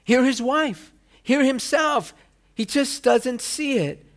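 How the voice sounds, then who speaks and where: A male pastor preaching a sermon. He asks rhetorical questions and acts out quoted lines with sudden loud bursts. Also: extremely high pitch, takes it slowly.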